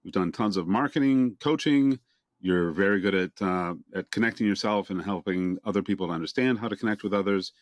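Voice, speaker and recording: A man hosting an interview over a video call from his home office, relaxed, chuckling often and asking long, rambling questions. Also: sits low, brisk. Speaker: interviewer, host. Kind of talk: casual interview chat. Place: home office near Boston.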